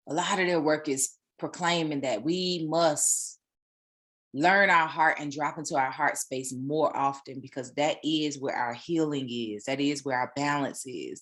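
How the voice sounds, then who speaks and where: With a low-pitched voice, this woman gives a lively, informal sermon-like pep talk as a spiritual teacher, returning to the same phrases again and again.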